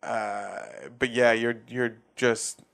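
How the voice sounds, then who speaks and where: Profane ranting comedian with a smooth voice. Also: male voice, mid-range voice, level tone, slow pace, a bit bright. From Massachusetts. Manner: profane, ranting, laughs at own jokes. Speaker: podcast host, comedian. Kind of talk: casual comedic rant. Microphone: facing a camera.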